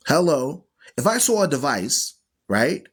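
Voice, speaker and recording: A man's voice: fairly high pitch, very animated, unhurried, husky. A man hosting an online Bible radio show, teaching scripture in an emphatic, preachy way and repeating phrases for stress. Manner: preachy, argues with viewers.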